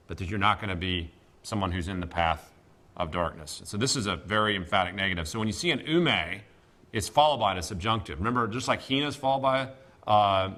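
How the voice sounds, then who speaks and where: A man teaching a classroom Greek lesson, speaking deliberately with many pauses and fillers. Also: sits low, sharp tone. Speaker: seminary professor.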